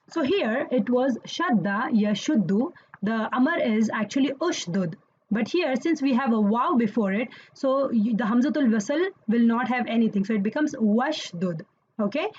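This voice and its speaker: A woman's voice: on the high side, darkish tone, dull audio, a little hiss or hum. A woman teaching Quranic Arabic grammar in an online lesson, explaining patiently and checking in with listeners as she goes.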